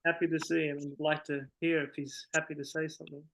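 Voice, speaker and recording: A man's voice: on the high side, level tone, fast talker, vocal fry, a crowd in the background, low-quality recording. A man on a video call politely and deferentially asking to hear from another participant. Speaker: class participant.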